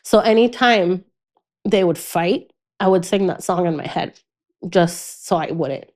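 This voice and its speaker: Her voice lowish, this young woman shares a painful experience frankly as a podcast guest. She stops and restarts again and again, and silence takes over in the hardest moments.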